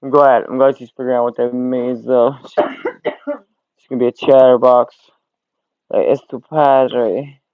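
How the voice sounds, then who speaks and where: A man's voice: mid-range voice, steady tone, measured pace, long pauses, no echo. A man hosting a casual livestream, chatty and swearing, laughing and coughing between lines. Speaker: livestream host. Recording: tinny phone-like audio.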